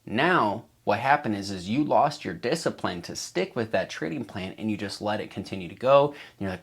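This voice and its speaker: A man's voice: on the low side, lively intonation, a little fast, creaky, few pauses, breathy edge. A man giving a casual coaching talk to traders, emphatic and repetitive, swearing freely and acting out a trader's inner voice. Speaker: trading coach.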